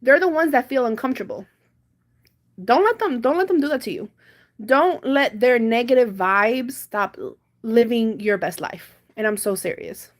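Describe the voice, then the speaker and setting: Chatty young woman with a high voice. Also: moderate pace. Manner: chatty, animated storytelling with loud reenacted comebacks. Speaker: livestream host. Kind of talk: casual live chat. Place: home, doing chores.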